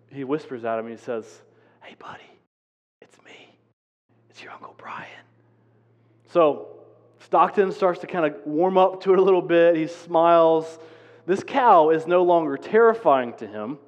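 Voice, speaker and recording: A man, a pastor preaching a sermon in a conversational, storytelling way with casual fillers. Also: fairly high pitch. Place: church sanctuary. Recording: dull sound with long church reverb.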